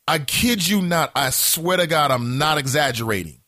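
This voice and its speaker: A man hosting a casual morning talk show, telling a story in an animated, profane way. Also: a little high, moderate pace, no echo, clean studio sound. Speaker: host.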